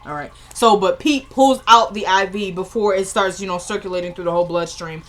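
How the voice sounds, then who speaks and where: A young woman talks straight to her viewers in a loose, rambling way, laughing often and joking as she walks through an episode. Her voice sits at a middle pitch, neither high nor low for a woman. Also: a little fast, a bit bright. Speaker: TV episode recap vlogger. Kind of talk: casual chat.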